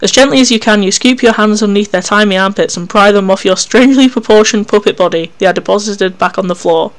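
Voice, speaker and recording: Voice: medium pitch, fast. A narrator reading an interactive story game aloud in a wry, casual way, swearing freely.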